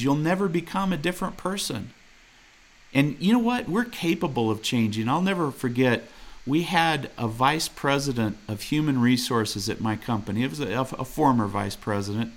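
A man delivers a sermon in an earnest, exhorting manner. He reads scripture aloud, comments on it, and presses listeners with direct rhetorical questions. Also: mid-range voice. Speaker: preacher.

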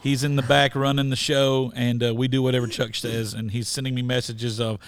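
A man's voice: mid-range voice, flat delivery, a little fast, no room sound. A man hosting a church podcast in casual, joking chat and often laughing. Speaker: podcast host.

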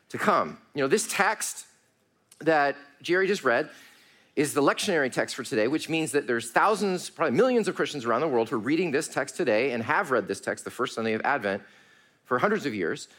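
A man preaching a sermon to his congregation, moving between raised pleading and hushed, low passages, calling his listeners friends. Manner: addresses congregation warmly as friends, uses y'all. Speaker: pastor.

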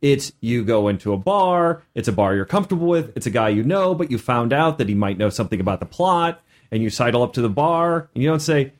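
A man hosting a casual podcast as a game master, animated, with many restarts. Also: mid-range voice, fairly quick, hardly any pauses.

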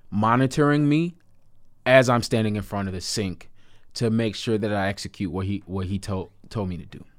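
A man's voice: lowish voice, no echo, clean studio sound. A man casually telling a personal story with jokes, often breaking into laughter. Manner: animated, joking, laughs between lines.

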